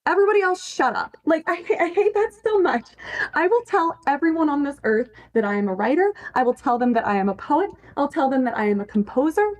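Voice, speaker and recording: A woman's voice: high-pitched, sing-song, fast talker, hardly any pauses. A woman chatting casually on a livestream, emphatic, swearing freely and laughing often as she answers her chat. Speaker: fanfiction writer on a livestream.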